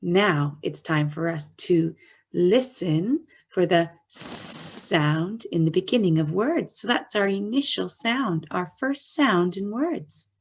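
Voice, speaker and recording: Slow, encouraging Canadian woman teacher. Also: lowish voice, expressive. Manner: slow, clear and encouraging, stretching out sounds. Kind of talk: phonics lesson for young children.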